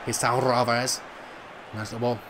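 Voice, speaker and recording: A man hosting a football video game playthrough, joking around and commentating excitedly, bursting into shouts at goals. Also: medium pitch, normal speed, background noise. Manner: jokey, excitable, yells at goals. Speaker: gaming channel host.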